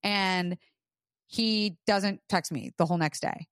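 A woman's voice: mid-range voice, slow, clean tone, no room sound, studio quality. A woman podcast host telling a personal story in casual chat, frank and profane, full of "like".

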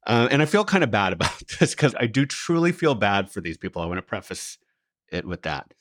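A man telling a story as a podcast co-host in casual chat, laughing often and animated. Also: lowish voice, a little fast, no echo, clean studio sound.

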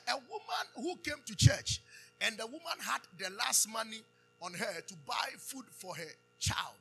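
A man with a Ghanaian accent preaching a sermon, calling out questions for the congregation to answer and building to loud emphasis. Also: high-pitched, gravelly, slightly rough. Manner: call-and-response preaching, loud rising emphasis. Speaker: pastor.

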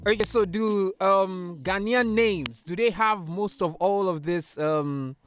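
A man's voice: high voice, takes it slowly. A man hosting a casual chat, playful and teasing, often laughing. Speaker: host.

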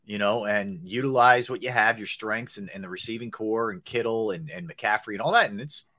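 A man's voice: lowish voice, brisk, sharp tone. A man co-hosting a sports talk show, weighing his points thoughtfully with frequent restarts. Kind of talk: casual sports chat.

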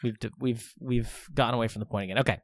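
A man in casual comedic banter who rambles into goofy made-up scenarios and keeps them going. His voice sits at a middling pitch. It sounds close and dry, with no room around it. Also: steady tone, fast, dry recording. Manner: joking, spins long silly bits. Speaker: podcast co-host.

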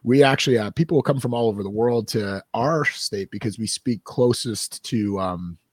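Joking, dry-voiced podcast co-host. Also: male voice, on the low side, moderate pace, dry recording. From New Hampshire. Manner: rambling, joking, full of fillers. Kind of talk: casual chat.

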